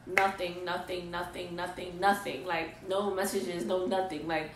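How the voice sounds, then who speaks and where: A young woman telling an animated, exasperated storytime vlog in casual slang. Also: fairly low pitch, a little slow, echoey room, rough recording. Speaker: vlogger.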